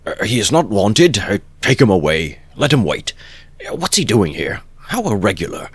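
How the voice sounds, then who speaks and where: A man's voice: low voice, sing-song, moderate pace, dry recording, full character voice. A man voicing a sly middle-aged male magistrate who mocks and gloats. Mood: annoyed. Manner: sly, mocking, playful.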